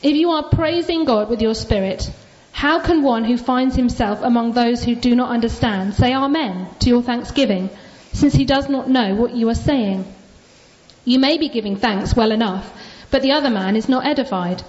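A woman reads scripture aloud at an even, measured pace, her voice on the higher side. The sound is dull and lo-fi, as if taken from a church recording. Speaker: scripture reader.

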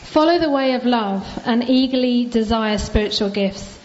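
A woman reading a long Bible passage aloud to a church, in a steady and measured way. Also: a little high, a little hiss or hum. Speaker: scripture reader. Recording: dull lo-fi church recording.

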